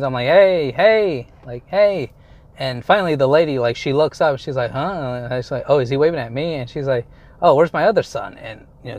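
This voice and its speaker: A man's voice: medium pitch, darkish tone. A young man casually retelling a story from his car, rambling, swearing a lot and breaking off mid-sentence. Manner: rambling, profane, self-interrupting retelling. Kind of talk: casual storytelling while driving.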